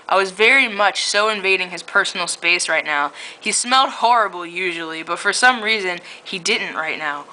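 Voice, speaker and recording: Woman, fan fiction reading, casual, giggly, bright tone. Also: lowish voice, animated, normal speed, hardly any pauses, low-quality recording.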